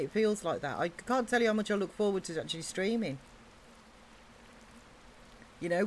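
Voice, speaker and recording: A woman's voice: medium pitch, a little hiss or hum. An English woman with an English accent chatting casually and giggling as she livestreams a video game. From England. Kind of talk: casual let's-play chat.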